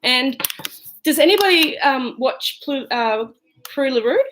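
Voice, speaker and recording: A woman's voice: sits high, lively intonation, unhurried, a bit bright, rough recording. Chatty Australian woman doing makeup live. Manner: chatty and rambling, with many fillers, answering viewers. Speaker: vlogger and hairdresser. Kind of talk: casual livestream chat while doing makeup. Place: home room.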